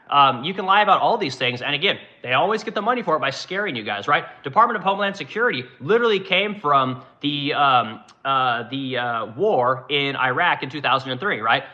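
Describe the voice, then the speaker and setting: A man's voice: medium pitch, pushed and bright, lo-fi sound. A man delivering a heated, profane political rant to his viewers, rambling and asking "right?" as he reads comments. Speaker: live-stream host reading comments.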